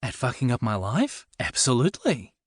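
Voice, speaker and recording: A man voicing a frazzled, wry young man with a New Zealand accent, in a lighter and higher register than his narration. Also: huge pitch swings, moderate pace, husky, dry recording, clean studio sound. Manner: higher, brighter and more flustered than the narration.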